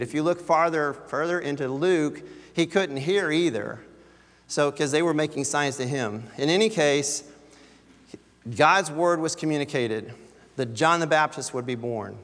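A man's voice: on the high side, fairly bright tone, in a large hall. A man preaching a sermon as pastor, talking in a conversational way and putting scripture into everyday words.

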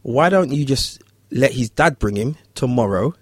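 Man telling an animated story. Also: normal speed, husky, dry recording, studio quality. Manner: animated, acts out voices in high pitch. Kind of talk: casual storytelling chat.

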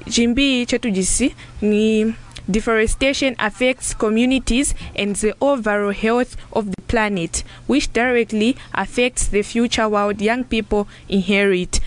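A young woman on a radio panel explaining facts, moving between English and a local language and often restarting words. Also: fairly high pitch. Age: young adult. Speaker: youth panelist. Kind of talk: explaining on a radio talk show.

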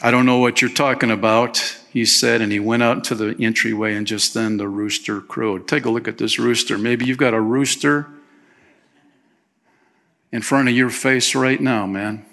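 A man's voice: mid-range voice, fairly even intonation, moderate pace, pushed and bright. A male pastor preaching a sermon in a conversational way, often tossing in "man" and acting out quotes. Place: church.

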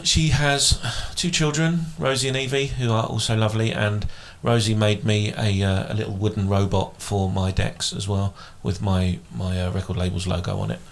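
A man co-hosting a podcast in casual chat, hesitant and full of fillers, teasing his co-host. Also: on the low side. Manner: hesitant, filler-heavy, jokey.

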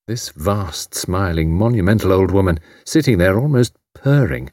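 Low-voiced guy reading an audiobook, voice rises and falls a lot, dry close mic. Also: dry recording. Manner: measured, expressive reading. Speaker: audiobook narrator. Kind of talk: scripted narration.

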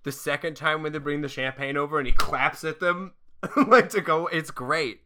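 Podcast co-host, young man, very bright and clear voice, loose and jokey. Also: fairly high pitch, moderate pace. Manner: laughing, swearing, mimicking movie lines. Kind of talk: casual chat.

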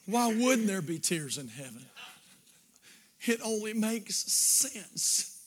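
A man pastor, preaching a sermon that swings from shouted fervor to hushed pleading in an altar call. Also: high-pitched, sing-song, slow.

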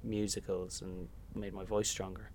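A man's voice: deep voice, flat delivery, moderate pace, a crowd in the background. A young Irish man, a musical theatre actor, chatting in an interview and acting out little voices in his stories. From Ireland. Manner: chatty storyteller, acts out voices in anecdotes. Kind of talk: casual interview chat.

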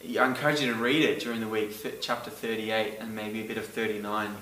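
Male preacher, bright and emphatic, picked up from a distance in an echoey hall. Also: lowish voice, little pitch movement, brisk. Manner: earnest, emphatic on key words. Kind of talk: sermon.

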